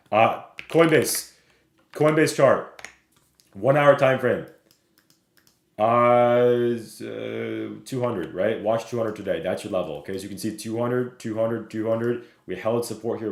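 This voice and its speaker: A man with a fairly low voice runs through stock charts on a live stream, reading chat messages and tagging his points with "right?" and "okay?". His voice carries a roomy echo. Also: a little mellow. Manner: fast, repeats "right?" and "okay?", reads chat aloud.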